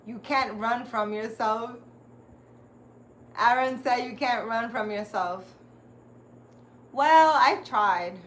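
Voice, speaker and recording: A woman's voice: fairly high pitch, slow pace, long pauses, a bit bright, slight background noise. A woman who hosts her own channel as a spiritual healer, chatting casually and animatedly to her live viewers and laughing often. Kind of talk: casual live-stream chat.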